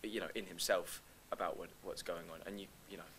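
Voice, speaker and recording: Deep-voiced young man, quick. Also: steady tone, a bit bright, a little hiss or hum, rough recording. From London. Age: young adult. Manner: hesitant, restarts often, laughs lightly. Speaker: actor guest. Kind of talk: live Q&A conversation. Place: live stage event.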